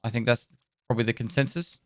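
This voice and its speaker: A man's voice: medium pitch, steady tone, fast talker, no echo. Man rambling on a live stream. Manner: rambling, answers chat. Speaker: game streamer. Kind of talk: casual live-stream chat.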